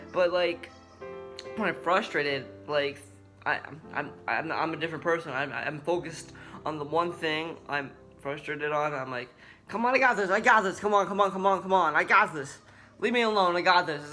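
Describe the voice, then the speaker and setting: A young man talking casually to camera as a vlogger, halting with many fillers and restarts. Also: fairly high pitch. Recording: guitar music in background.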